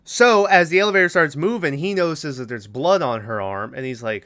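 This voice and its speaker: A man's voice: a little high, expressive, fairly quick, few pauses, pushed and bright. A man on a podcast casually retelling a movie's plot and acting out the characters' lines in a rambling way. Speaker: podcast co-host.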